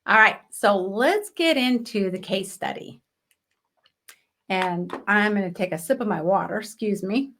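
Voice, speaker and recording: A woman's voice: mid-range voice, expressive, unhurried, a bit bright. A woman hosting a live business show, teaching marketing in a chatty, direct way with rhetorical questions.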